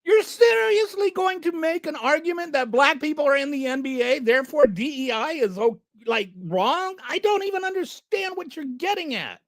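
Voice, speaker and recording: Exasperated host in a lively, dry rant. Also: high voice, normal speed, few pauses, no echo. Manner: exasperated, sarcastic. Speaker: channel host. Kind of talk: ranting political commentary.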